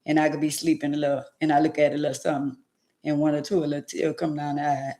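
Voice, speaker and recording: A woman's voice: low voice, little pitch movement, fast talker, mellow. A middle-aged woman hosting a casual livestream, speaking in a heartfelt, preachy way and talking to viewers by name. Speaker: livestream host.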